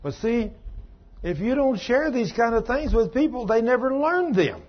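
A man's voice: very high voice, lively intonation, moderate pace, breathy edge, highs cut off. A man preaching a sermon, swinging into rising, emphatic exhortation as he urges his listeners on.

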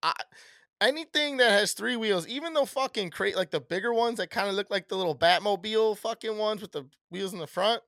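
A man's voice: high-pitched, brisk, gravelly, sharp tone, dry recording. A thirty-year-old man co-hosting a podcast in loose, rambling chat, swearing often. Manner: rambling, swears a lot, laid-back. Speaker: podcast co-host. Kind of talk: casual chat.

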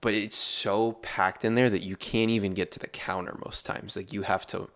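A man's voice: lowish voice, little pitch movement, moderate pace, a bit bright. A man telling a story in a laid-back way, full of filler words, as co-host of a casual podcast. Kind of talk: casual chat. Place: New York City area.

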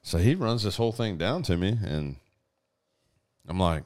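A man, a police officer, telling a story among friends in a quiet, low-key way. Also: lively intonation, moderate pace.

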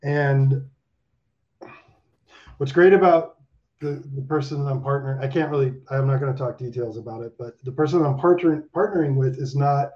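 A man talking in a casual video-call chat, animated and rambling, swearing freely with lots of fillers. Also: medium pitch, normal speed, dull audio. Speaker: animation director, guest.

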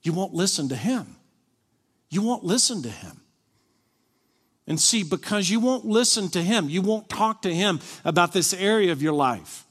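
A male pastor preaching a sermon, animated, acting out the people he quotes. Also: high-pitched, normal speed, husky. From Kentucky. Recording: long reverb of a large hall.

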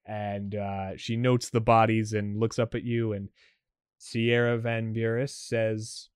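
A man's voice: lowish voice, level tone, takes it slowly, clean tone, no echo, studio quality. A man narrating as game master in a casual tabletop session, with many fillers.

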